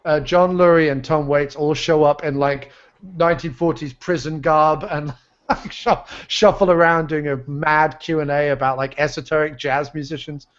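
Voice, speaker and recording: A man talks loosely as a guest on a chat podcast, trailing off into ums and dropping the odd swear word. His voice sits a bit high. The recording is dull and lo-fi. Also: steady tone, moderate pace. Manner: rambling, swears, laughs, many ums. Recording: dull lo-fi sound.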